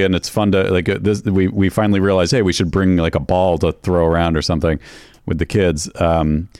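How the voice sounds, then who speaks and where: A man's voice: lowish voice, darkish tone, no echo, studio quality. A man co-hosting a casual podcast, talking in a rambling, hesitant way full of restarts. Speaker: podcast co-host. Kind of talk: casual chat.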